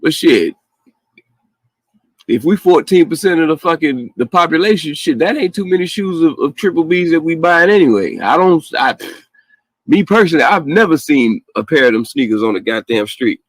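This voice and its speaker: A man's voice: fairly high pitch, moderate pace, no room sound. Profane ranting man, dry close sound. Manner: profane, animated ranting with laughs. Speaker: call-in show host. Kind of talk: casual late-night call-in rant.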